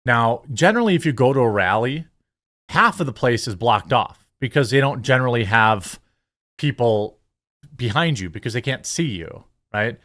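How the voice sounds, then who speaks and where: A middle-aged man rants through political commentary, indignant and sarcastic. His pitch swings widely as he hammers his points home. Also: animated, moderate pace, fairly bright tone. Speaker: commentary channel host.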